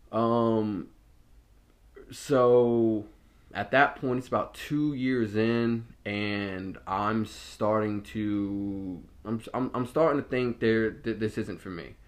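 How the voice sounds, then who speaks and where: A young man, a former corrections officer, telling his own story in a candid, reflective way, often restarting his sentences. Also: on the low side. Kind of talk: personal storytelling monologue.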